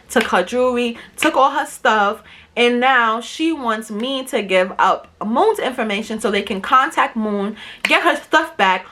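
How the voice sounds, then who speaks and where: A woman's voice: fairly high pitch, bright, forceful tone, a little hiss or hum. A young woman telling a storytime vlog in a casual, slangy, emphatic way, acting out quotes and swearing for emphasis. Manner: profane, emphatic asides. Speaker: vlogger.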